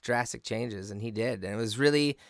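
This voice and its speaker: A man's voice: mid-range voice, a little fast, no room sound, studio quality. A man co-hosting a podcast in a casual, slangy, laid-back chat, talking as a father.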